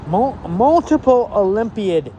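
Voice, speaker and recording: A man's voice: high-pitched, very animated, unhurried, mellow, a little hiss or hum. A man vlogging to camera in an angry, rambling rant, swearing heavily and sounding exasperated.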